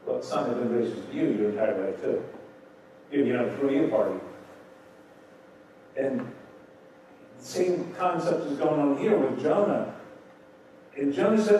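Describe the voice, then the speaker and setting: A man's voice: on the high side, moderate pace, long pauses, dark tone, a little hiss or hum. A man preaching a Bible-teaching sermon and putting questions to his congregation. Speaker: pastor. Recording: roomy echo, distant mic.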